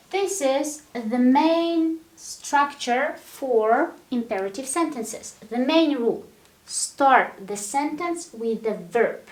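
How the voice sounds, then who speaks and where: A woman with a fairly high voice teaching an English grammar lesson at a very slow, deliberate pace. She repeats each example patiently and checks in with "right?" again and again. The room around her is echoey.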